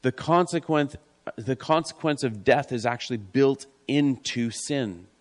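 Earnest male preacher, soft repeated phrases. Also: mid-range voice, measured pace. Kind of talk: sermon.

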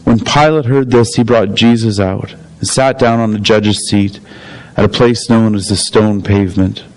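A man reading a Bible passage aloud, steady and clear. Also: on the low side, normal speed, poor audio. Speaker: scripture reader.

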